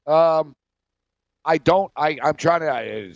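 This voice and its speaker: A man's voice: fairly high pitch, slow pace, no room sound, muffled recording. A man hosting sports radio, chatting casually with many "yeahs.".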